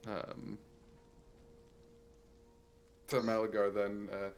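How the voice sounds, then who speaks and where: Hesitant low-voiced male player. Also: completely flat delivery, extremely slow, faint music behind. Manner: hesitant, with fillers; polite when in character. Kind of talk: casual tabletop role-play.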